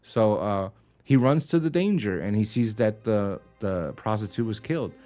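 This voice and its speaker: A man's voice: fairly low pitch, expressive, moderate pace, dark tone. A man co-hosting a casual podcast, recapping a TV episode in a rambling, profane way and acting out lines in raised voices. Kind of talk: casual chat.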